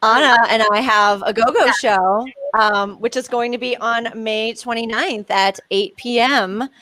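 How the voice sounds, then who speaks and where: A woman's voice: fairly high pitch, steady tone, a little slow, sharp tone, no echo. A woman comedian plugging her shows with playful, flirty quips on a video call. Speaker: comedian guest. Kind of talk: casual banter on a video call.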